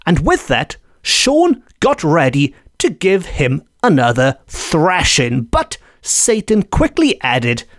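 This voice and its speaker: A man who hosts a podcast, telling an old folk tale in an expressive way. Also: a little high, no room sound, clean studio sound. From Wales. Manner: expressive, unhurried storytelling. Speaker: podcast host.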